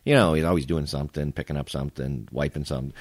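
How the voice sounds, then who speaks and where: A man's voice: extremely low pitch, very fast, no room sound. A man co-hosting a podcast, telling a story in a casual, profane, dryly sarcastic way. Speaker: podcast co-host.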